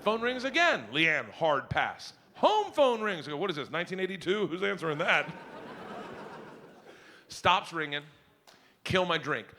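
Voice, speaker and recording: High pitched guy yelling thru a standup bit, room noise behind him. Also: sing-song, unhurried, long pauses. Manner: loud, shouting, acts out his daughters' and his own lines. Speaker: stand-up comedian. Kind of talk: stand-up storytelling.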